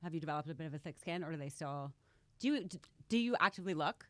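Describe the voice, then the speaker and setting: A woman hosting a podcast, chatting quickly and animatedly with a comedian guest. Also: sits low, expressive, no room sound, studio quality. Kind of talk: casual chat.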